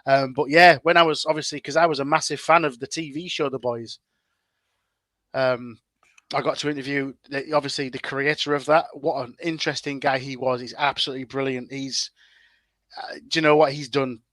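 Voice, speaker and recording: A man's voice: medium pitch, fairly even intonation, fairly quick, fairly bright tone, no room sound. A man, chatting as a guest content creator in a casual interview, full of fillers and restarts.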